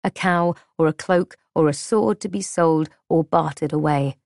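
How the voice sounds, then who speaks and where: Woman narrating a story, lowish voice, measured, dry close sound. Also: creaky, darkish tone, no room sound. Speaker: audiobook narrator. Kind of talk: first-person audiobook narration.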